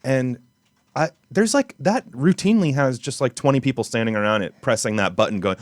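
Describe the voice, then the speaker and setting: A man co-hosting a podcast in casual chat, animated and rambling, with frequent restarts and fillers. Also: medium pitch, a little fast, no room sound, studio quality. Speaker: podcast co-host.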